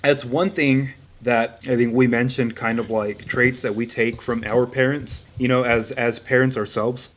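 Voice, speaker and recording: A man in his thirties speaks at an average pitch in a loose, rambling podcast chat. He swears often and puts on quick voices when he tells stories. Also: fairly even intonation. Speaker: podcast co-host. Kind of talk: casual chat.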